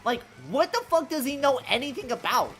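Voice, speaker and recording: A young woman streams a game and rants freely, her voice leaping up and down with lively swings. She swears often and keeps tossing in "bro". Faint game music plays under her talk. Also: high-pitched, fairly quick. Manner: ranting, profane, animated, says "bro" often. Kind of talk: casual live-stream commentary while gaming.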